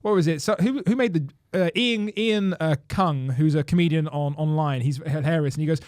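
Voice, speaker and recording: A man's voice: on the high side, a little fast, darkish tone, no room sound, studio quality. A man with an Irish accent, a comedian co-hosting a podcast, talking casually in a blunt, sweary, opinionated way. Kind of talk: casual chat.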